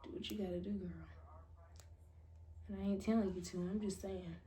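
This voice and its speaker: A beauty vlogger in her twenties from the United States chats casually and slangily while doing her toenails, often dropping to a whisper. Her mid-range voice is warm, with little pitch movement and a moderate pace, plus a little hiss or hum.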